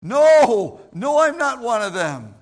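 A man preaching, acting out a frightened man who loudly and insistently denies everything. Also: very high voice, very animated, takes it slowly, full character voice. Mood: insistent denial. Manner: emphatic, raised-voice denials.

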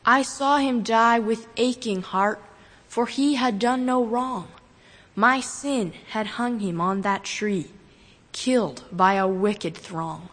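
Slow woman reciting verse in a hall. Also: on the high side, fairly bright tone. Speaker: poem reciter. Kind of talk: recited poem in church. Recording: reverberant church hall.

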